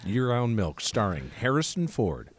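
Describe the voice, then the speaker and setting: A man's voice: fairly low pitch, measured pace. A man calling a basketball game as a comedy co-host, riffing and joking between plays. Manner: jokey, riffing, animated calls. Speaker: play-by-play co-host.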